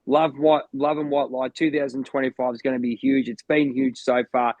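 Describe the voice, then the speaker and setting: A man's voice: medium pitch, flat delivery, moderate pace, darkish tone, no echo. An Australian man co-hosting a podcast as a motivational coach, talking in an enthusiastic, rambling way with lots of restarts. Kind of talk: casual chat.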